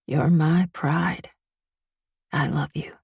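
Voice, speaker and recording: A woman voicing a loving, firm father in an audiobook dream scene, speaking slowly and gently. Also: fairly low pitch, steady tone, gravelly, breathy edge, no room sound, clean studio sound, full character voice. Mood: tender firm. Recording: distant mic.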